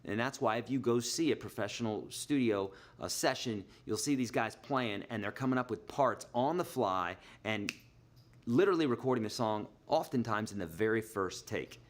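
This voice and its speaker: A man's voice: medium pitch, expressive, normal speed. A middle-aged man teaching guitar in a live online lesson, chatty and explaining with everyday examples. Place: Nashville.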